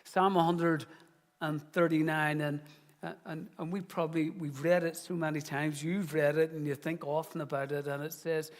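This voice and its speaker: A man's voice: fairly high pitch, little pitch movement, normal speed, big-room sound. A middle-aged man, the founding pastor of his church, preaching in an earnest, conversational way and telling stories. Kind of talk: sermon.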